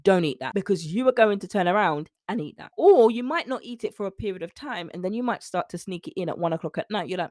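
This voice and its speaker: A British woman, a nutrition coach, talking alone on her podcast in a lively, chatty way with faith-tinged asides. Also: mid-range voice, fast, few pauses, no room sound, clean studio sound. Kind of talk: solo podcast talk.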